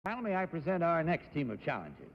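A polished man hosts a game show, and his voice sits a touch high with lively swings. He sounds like an echoing studio hall on muffled vintage television audio with faint hiss. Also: fast talker. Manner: smooth, polite, reads affidavits aloud. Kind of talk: genial game show hosting.

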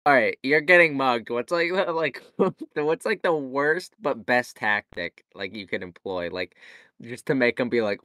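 A man's voice: medium pitch, expressive, a little slow, sharp tone, no room sound. A man co-hosting a comedy podcast, rambling and jokey with lots of fillers and restarts. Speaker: podcast co-host. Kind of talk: casual chat.

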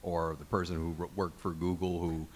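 Very deep-voiced man asking a question. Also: flat delivery, moderate pace, a little hiss or hum. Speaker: audience member asking a question. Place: law school lecture room.

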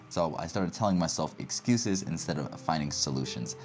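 A man in his thirties with an extremely deep voice, rambling easily through a casual talk-to-camera vlog, trailing into fillers as he goes. music plays clearly underneath him. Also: lively intonation, moderate pace, few pauses. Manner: rambling, loose, filler-heavy storytelling. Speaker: physician vlogger.

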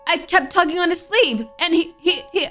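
A woman's voice: extremely high pitch, normal speed, bright, forceful tone, soft background music, pitched above the performer's own voice. A woman voicing a frightened child who stammers defensively, reading a game's dialogue. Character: frightened child denying blame.

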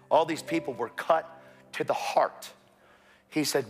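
Preacher with a Texan accent, faint music. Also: male voice, medium pitch, moderate pace, breathy edge. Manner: animated storytelling with quoted voices. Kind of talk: sermon. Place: church sanctuary.

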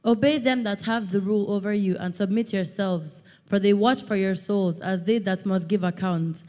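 A woman reading a scripture passage aloud in a steady, even way in a church hall. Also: mid-range voice, moderate pace. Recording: long hall reverb, off-mic.

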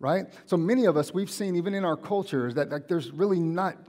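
A young man delivers a casual sermon in a church auditorium. His voice sits a bit high, and he keeps it animated by slipping into different voices for everyday conversations. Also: fairly quick. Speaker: pastor.

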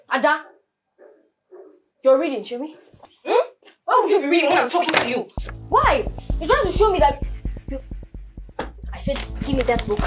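An actress with a Nigerian accent playing a young woman who rants scornfully at her sister and stammers in anger. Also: high-pitched. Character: spiteful, mocking young sister.

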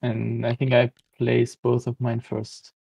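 A man's voice: mid-range voice, completely flat delivery, a little slow, creaky, warm tone, breathy edge, no echo, rough recording. A man playing a board game, thinking aloud and explaining the rules to his opponent. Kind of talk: casual board game chat.

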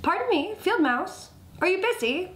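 A woman's voice: extremely high pitch, sing-song, moderate pace, a bit bright, voice pushed up, full character voice. A woman voicing a pair of gloomy talking rocks, wistful and sing-song. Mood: polite. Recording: echoey room, faint background noise.

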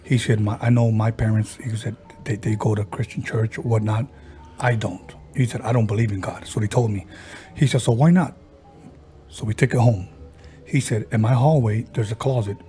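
A male podcast host with a warm, dark voice settles into a casual ghost story. He jumps between narration and his friend's quoted words, stumbling and restarting along the way. Faint music plays behind him. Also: on the low side, steady tone. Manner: halting, with frequent restarts and fillers.

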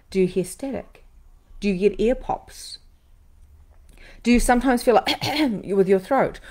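A woman psychic medium and podcast host talking live to her viewers, animated, repeating phrases for emphasis and swearing freely. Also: medium pitch. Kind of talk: live-stream talk to viewers.

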